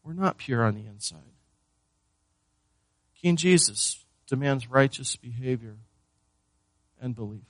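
A man's voice: medium pitch, measured pace, pauses often, no room sound. A man preaching a sermon as pastor, earnest, often repeating words and asking the listeners questions.

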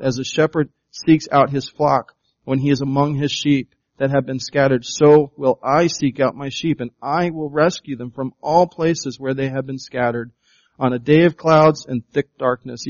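A man's voice: mid-range voice, dry recording, lo-fi sound. A man preaching a sermon as pastor, reading scripture aloud and pressing his points with rising emphasis.

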